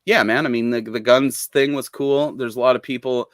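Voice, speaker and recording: A man's voice: mid-range voice, steady tone, normal speed, no echo, clean studio sound. A man hosting a podcast, talking in a laid-back, loose way with lots of fillers. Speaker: podcast host. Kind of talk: casual chat.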